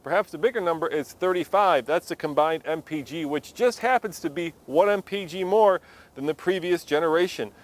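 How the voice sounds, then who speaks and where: A man's voice: on the high side, brisk. A man giving a jokey, enthusiastic first-drive car review from inside a moving car. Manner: jokey and enthusiastic, laughs often.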